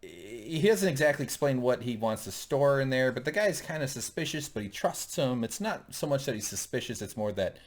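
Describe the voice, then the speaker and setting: A man's voice: medium pitch, lively intonation, a little fast, hardly any pauses. Rambling, jokey male podcast co-host. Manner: rambling, jokey, with frequent fillers and bursts of laughter. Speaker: co-host of a TV recap show. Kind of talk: casual chat.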